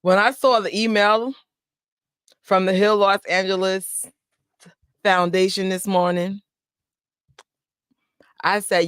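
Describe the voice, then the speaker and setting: A young adult woman hosting a casual fan live stream from home on a desk microphone, chatty and excitable, greeting viewers by name and laughing often. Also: medium pitch, slow pace, long pauses, clear, resonant tone, no room sound, studio quality. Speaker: fan channel host.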